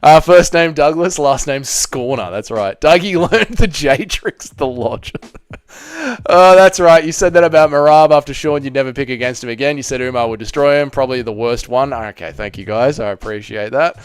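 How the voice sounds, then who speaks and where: A man's voice: medium pitch, moderate pace, clear, resonant tone, dry recording. A young man hosting a casual livestream, reading chat comments aloud with profane, self-mocking banter. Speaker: livestream host.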